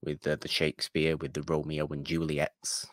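A man's voice: extremely low pitch, completely flat delivery, normal speed, fairly bright tone, no room sound, studio quality. A man co-hosting a podcast in casual chat, wordy and mock-formal, teasing his co-host.

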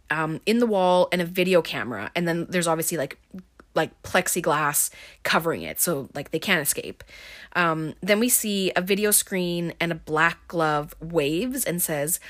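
A woman's voice: on the low side, a bit bright. A woman casually recapping a film scene by scene, chatty and full of likes and ums. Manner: chatty, filler-heavy retelling with frequent likes and ums.

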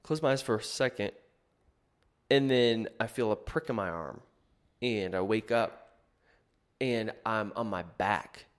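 A man's voice: lowish voice, a little slow, long pauses, clean tone. A man telling a personal story in a casual, rambling way, full of fillers and restarts. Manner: rambling, filler-heavy, self-correcting.

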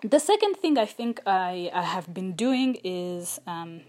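A woman's voice: fairly low pitch, sing-song, a little slow, darkish tone. Breathless woman, earnest reflective podcast talk. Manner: earnest, repeats phrases for emphasis. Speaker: podcast host. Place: small closed room.

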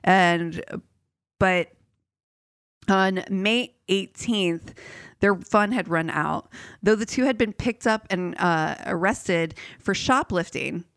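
A woman with a fairly low voice retells a true crime case in a loose, chatty way, stopping and restarting as she goes. The sound is dry and close, with no room echo. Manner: loose, halting with fillers and restarts. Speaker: podcast co-host.

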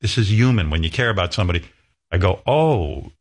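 In a frank talk-show exchange, a sixty-something radio host rambles emotionally with frequent restarts. He has a deep, slightly rough voice, lively intonation, and a brisk pace.

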